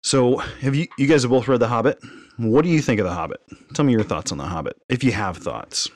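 A man in his thirties co-hosting a book podcast, chatty and animated as he tells stories. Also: medium pitch, a little fast, dry recording, clean studio sound. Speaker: podcast co-host. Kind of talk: casual chat.

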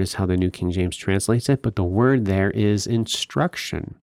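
A man's voice: on the low side, measured pace, a little mellow, clean tone, no echo, studio quality. A man co-hosting a podcast, explaining Bible verses with emphatic rhetorical questions. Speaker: podcast co-host teaching scripture. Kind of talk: teaching podcast discussion.

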